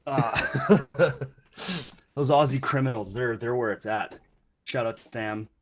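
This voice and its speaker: A man's voice: mid-range voice, a little slow, slight background noise. Crude, rambling man joking around. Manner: profane, rambling, self-mocking. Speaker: guest musician. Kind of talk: crude joking podcast chat.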